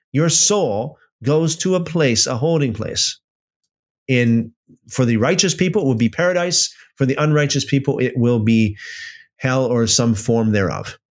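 A man with a mid-range voice gives informal Bible teaching, speaking emphatically and with animation. He often restarts sentences and leans on fillers.

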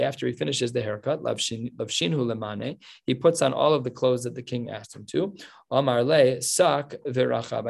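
A man's voice: mid-range voice, creaky. A man teaching a casual Talmud class, explaining passages with wry, humorous asides.

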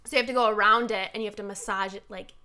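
A woman's voice: mid-range voice, fairly even intonation, rapid-fire, sharp tone. A young woman co-hosting a podcast, telling a story in casual chat, full of "like" fillers and laughter. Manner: chatty storytelling, laughs often, many "like" fillers. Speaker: podcast co-host.

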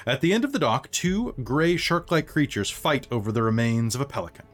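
A man hosting a podcast and narrating as game master in a relaxed, chatty way. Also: medium pitch, fairly quick, soft background music. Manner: relaxed, chatty, stumbles over words.

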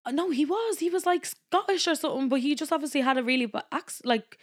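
A woman's voice: high voice, expressive, quick pace. A woman in her twenties co-hosting a podcast, chatty and giggly in casual talk. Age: 20s. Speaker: podcast co-host. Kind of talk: casual chat.

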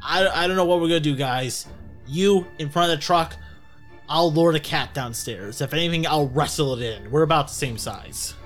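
A man's voice: a little high, normal speed, fairly bright tone, soft background music, close to an everyday voice. A man voicing a frantic, anxious male creature in a gas mask, stammering and fretting in a tabletop role-playing game. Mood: nervous.

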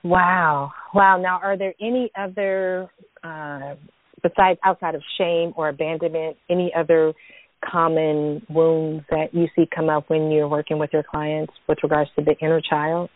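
A woman's voice: deep voice, fairly even intonation, a little slow, no room sound. A woman podcast host asking her guest questions attentively. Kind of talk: podcast interview. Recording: tinny phone-line audio.

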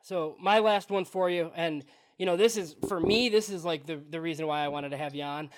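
A man hosting a podcast, asking his guest questions in a relaxed conversational way. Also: on the high side, brisk. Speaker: podcast host. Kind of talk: casual interview.

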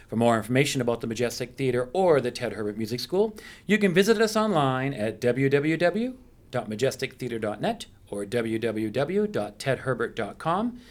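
A middle-aged man hosting a radio show in a studio, chatting playfully with guests and using many fillers. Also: medium pitch. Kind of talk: casual radio interview.

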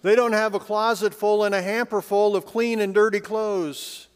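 A man preaching a sermon with a fairly high voice that carries a long reverb, as if he is in a large hall. He is conversational and drops in light, joking asides. He swings between emphatic lines and hushed, soft-spoken ones. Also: steady tone, moderate pace, smooth. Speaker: pastor.

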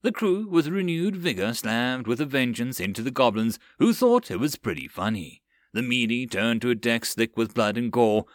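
Lively male audiobook narrator. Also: medium pitch, no room sound, clean studio sound. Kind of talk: audiobook narration of a web novel.

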